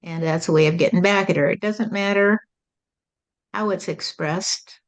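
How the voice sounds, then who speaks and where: A woman medium giving calm, repetitive channeled spiritual teaching, often adding "you see". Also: on the low side, moderate pace.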